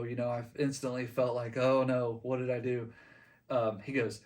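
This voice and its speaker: A man's voice: medium pitch, steady tone, normal speed, far from the mic. A middle-aged man telling a story casually on his channel, rambling with many ums and restarts. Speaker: channel host.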